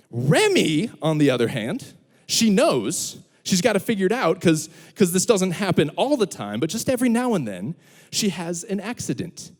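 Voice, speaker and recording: A man's voice: high voice, moderate pace. A young man giving a humorous sermon as student pastor, telling stories and acting out voices. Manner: animated storyteller, acts out voices. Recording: long hall reverb.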